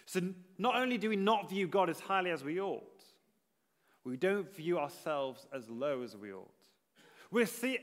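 High-voiced man preaching in a reverberant hall. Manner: earnest, builds to emphatic repetition then drops low. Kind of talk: sermon.

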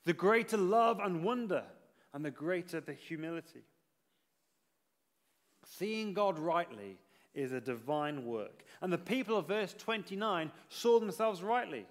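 A man preaching a sermon in an earnest manner, rising to emphatic repetition and then dropping low. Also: lively intonation, measured pace, in a large hall.

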